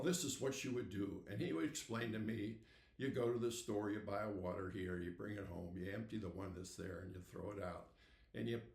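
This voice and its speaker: A man in his eighties hosting a podcast, telling stories in a folksy, unhurried way and acting out the dialogue. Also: on the low side, gravelly, reverberant. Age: 80s. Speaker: podcast host. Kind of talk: storytelling monologue.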